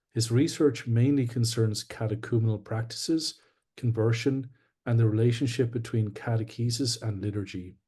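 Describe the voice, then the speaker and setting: A man hosting a webinar, introducing the guest in a measured, formal way. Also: on the low side, mellow. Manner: measured, formal, with light fillers. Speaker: webinar host. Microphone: video call.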